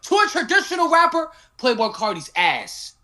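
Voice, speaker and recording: A man in his thirties argues loosely and profanely. His high, bright voice swings widely in pitch and often breaks into laughter. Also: huge pitch swings, normal speed. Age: 30s. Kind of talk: casual debate.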